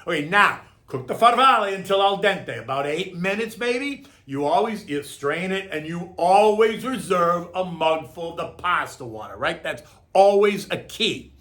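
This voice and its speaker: A man's voice: high-pitched, expressive, moderate pace, bright, forceful tone. A middle-aged man giving casual market commentary and then a recipe, chatty and emphatic, often asking "right?". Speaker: market commentator and home cook.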